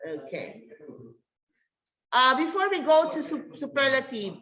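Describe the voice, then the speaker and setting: A woman's voice: high-pitched, sing-song, a little slow, bright, forceful tone. A woman teaching an online grammar lesson, patiently calling on students by name over a video call. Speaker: English teacher. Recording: echoey, dull lo-fi room sound.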